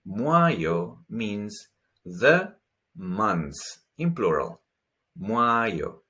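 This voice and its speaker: A deep-voiced man leads a pronunciation lesson, speaking very slowly and patiently. He says each word twice and stops to explain how the sounds are made. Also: very animated, bright, forceful tone. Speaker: language teacher.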